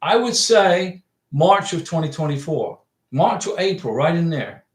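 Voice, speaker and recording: A man's voice: on the high side, sing-song, a little slow, roomy sound. A man hosting a casual livestream, chatting folksily, reading viewer messages aloud and giving direct advice.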